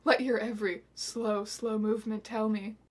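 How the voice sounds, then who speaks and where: A woman's voice: medium pitch, level tone, husky, natural voice. Woman doing a purring, sultry temptress. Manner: slow, purring, teasing.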